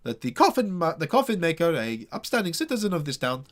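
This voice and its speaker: A man voicing a pompous, suspicious male town burgomaster who talks down to prisoners in a haughty, drawn-out way. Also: a little high, very animated, voice pushed up. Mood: scornful.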